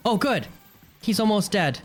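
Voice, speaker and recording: A woman streamer talks through her game in a lively voice that jumps all over the place, dropping to grumbles and then shrieking at the monsters. She swears freely. Faint music plays behind her. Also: medium pitch, a little slow. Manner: swears a lot, yells at monsters; animated, swings from mutters to shrieks. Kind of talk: live gameplay commentary.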